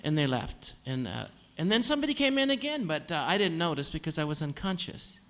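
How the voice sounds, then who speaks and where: Man, bright tense voice, higher than usual, dry comic storyteller, live concert, faint background noise. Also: big pitch swings, fairly quick. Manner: dry humorous storyteller, acts out voices of nurses and doctors. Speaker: singer telling a story on stage. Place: concert hall on stage.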